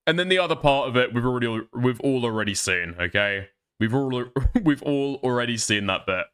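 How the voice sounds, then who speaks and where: A man's voice: mid-range voice, animated, brisk, fairly bright tone, clean tone. A man streaming live, reacting to a clip with profane, exasperated commentary and laughing asides.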